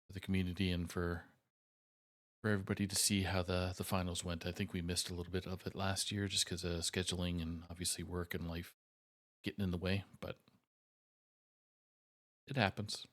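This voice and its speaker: A man with a very low voice hosts a live esports stream. He talks casually and haltingly, pausing often as he wraps up the night. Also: little pitch movement. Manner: halting, many filler pauses.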